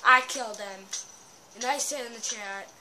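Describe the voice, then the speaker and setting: Excitable woman yelling over gameplay. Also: fairly high pitch, normal speed, a crowd in the background. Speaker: gameplay commentator. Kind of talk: casual gameplay commentary.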